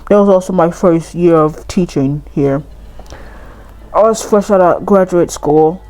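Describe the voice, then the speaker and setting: A woman voicing a grieving, evasive adult male drama teacher, reading game dialogue aloud slowly in a put-on accent. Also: lowish voice, steady tone, mellow, close to an everyday voice, poor audio. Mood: halting, sorrowful.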